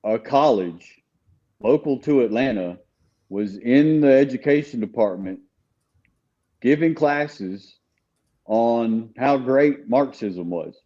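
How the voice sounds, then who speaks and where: A man's voice: mid-range voice, animated, slow, pauses often, warm tone, muffled recording. A man speaking as a guest in a casual conversation, recounting his experiences in an earnest, candid way. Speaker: guest telling his story.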